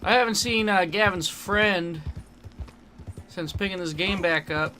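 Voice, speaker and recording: A man's voice: high voice, measured pace, bright, forceful tone, slight background noise. A man streaming a game and chatting casually, in a rambling way that corrects itself as he goes. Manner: rambling, laughing, self-correcting. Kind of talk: casual gaming chat.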